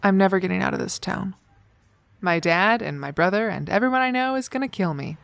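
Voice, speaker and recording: A woman voicing a bitter, despairing young woman who has been drinking, speaking in a flat, sardonic way. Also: mid-range voice, brisk, vocal fry, dry recording.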